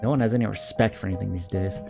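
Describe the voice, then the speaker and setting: A man's voice: on the low side, fairly even intonation, racing, gravelly. A young man reading a visual novel aloud for a let's play, breaking in with wry, joking asides. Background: soft game music.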